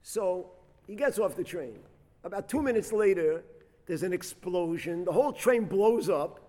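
A man preaching as a rabbi, telling a story with dramatic swings between loud bursts and soft, quiet reflection. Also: sits high, expressive, moderate pace. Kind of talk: sermon storytelling. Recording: long hall reverb.

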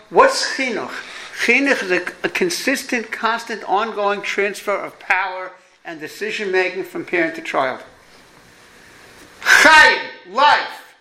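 A man's voice: sits high, expressive, a little slow, pushed and bright, low-quality recording. A man from New York with a New York accent, giving a parenting lecture to an audience, emphatic and repeating his key points, with jokey asides.

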